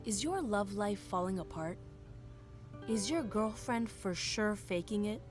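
A slick, overblown infomercial announcer, as a woman puts her on, pitching hard with a voice that swoops up and down. It's a mid-pitched female read from a comedy sketch. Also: animated, unhurried, over music, close to an everyday voice. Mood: salesy.

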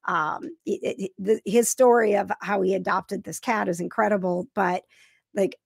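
Chatty woman host, gravelly voice. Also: medium pitch, fairly even intonation, moderate pace, no echo, clean studio sound. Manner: chatty, thankful, many fillers. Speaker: talk show host. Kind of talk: casual chat.

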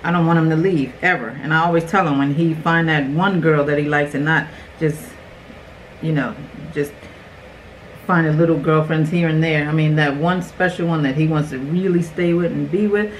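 At a moderate pace and with fairly even intonation, this low-voiced woman in her forties chats directly with her viewers. She's a beauty vlogger filming a makeup tutorial at home, and the rough recording has a little hiss or hum.

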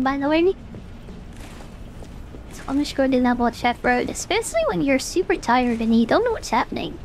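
A woman's voice: high-pitched, a little hiss or hum. A young woman streaming a video game, chatting casually and rambling with many fillers. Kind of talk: casual gaming stream chat.

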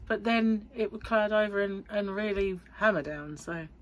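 A woman's voice: medium pitch, moderate pace. A middle-aged woman vlogging casually to camera, rambling and chatty with frequent laughs. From United Kingdom. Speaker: crochet vlogger.

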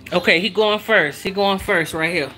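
A woman's voice: on the low side, moderate pace, faint music behind. A woman hosting a cooking livestream in casual, teasing chat, reading out viewer comments as she goes. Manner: lively, teasing, reads viewer comments aloud. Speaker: cooking show host.

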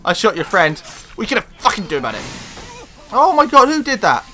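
Man, let's-play commentary, sweary, high lively voice, bright tone, music under. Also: brisk. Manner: sweary, excitable, talks to game characters. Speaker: gameplay commentator.

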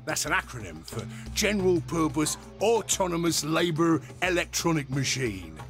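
A man's voice: fairly high pitch, big pitch swings, moderate pace, creaky, a bit bright, heavily acted. A man voicing a chatty male robot labourer with a broad, slangy Cockney accent. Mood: chummy. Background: game music.

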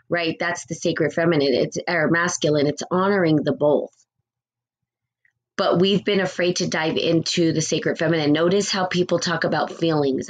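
Woman giving a relaxed spiritual talk. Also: lowish voice, rough recording. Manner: conversational, reflective, acts out quoted people. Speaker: spiritual teacher. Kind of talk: casual spiritual teaching.

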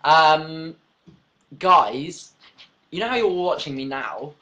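A man's voice: a little high, takes it slowly, dull audio. A young man, joking around as the vlogger in a casual chat. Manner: animated, joking, jumps between topics.

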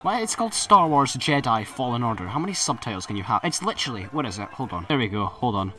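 A man's voice: medium pitch, very animated, fast, bright, forceful tone. A man giving sarcastic reaction commentary on a gaming stream, mocking what he sees and laughing often.

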